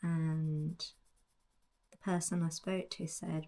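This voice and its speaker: A woman in her forties giving soft, reflective narration that often drifts into whispers. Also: fairly low pitch, little pitch movement, slow pace. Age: 40s. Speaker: colouring book author.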